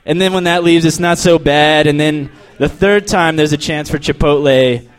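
A young man from Texas doing a crude, deadpan stand-up set, then chatting casually about himself. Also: fairly high pitch, normal speed, smooth. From El Paso, Texas. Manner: deadpan, crude, stumbling restarts. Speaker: stand-up comedian.

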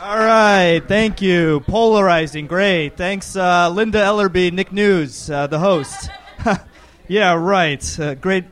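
A man's voice: high voice, takes it slowly, fairly bright tone. A man opening a stand-up set on stage, dry and sarcastic. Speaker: stand-up comedian. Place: stage with live audience.

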